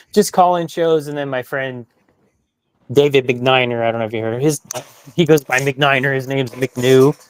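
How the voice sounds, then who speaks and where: A man joining a casual panel chat as a guest, chatty and quick to laugh. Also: mid-range voice, smooth, no room sound.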